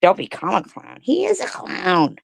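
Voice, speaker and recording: A woman's voice: fairly low pitch, huge pitch swings, moderate pace, vocal fry, breathy edge, no room sound. A woman doing profane, mocking commentary, firing back sarcastic rhetorical questions at her critics. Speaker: commentary streamer. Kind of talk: ranting commentary on comments read aloud.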